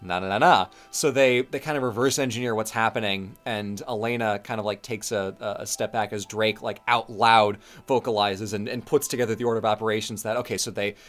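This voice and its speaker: A man in casual video essay chat, animated and playfully acting out character lines as he recaps a scene. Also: fairly low pitch, a little fast, few pauses, faint music behind. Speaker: co-host.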